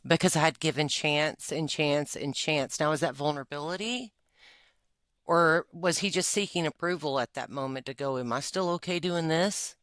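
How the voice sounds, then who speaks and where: Emotional woman, bright clear voice. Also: low voice, moderate pace, no room sound, clean studio sound. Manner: emotional, confessional, with frequent fillers and laughs. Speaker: podcast co-host. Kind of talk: candid personal conversation.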